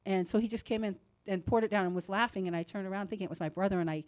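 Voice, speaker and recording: A woman co-hosting a radio talk show, telling a story in a casual, animated way with lots of "like" and "you know", and acting out the other people's voices. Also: racing, no echo. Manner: animated, acts out quoted voices with big pitch jumps.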